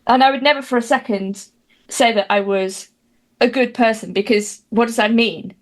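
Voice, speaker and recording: Wry woman with a high voice. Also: moderate pace. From Britain. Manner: dry, wry humor with many fillers and restarts. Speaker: guest commentator. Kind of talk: casual interview chat.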